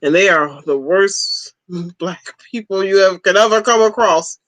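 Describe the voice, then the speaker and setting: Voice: mid-range voice, a little slow, a bit bright, no room sound, low-quality recording. A host in their forties chatting casually on a livestream, laid-back and chuckling, repeating short replies. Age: 40s.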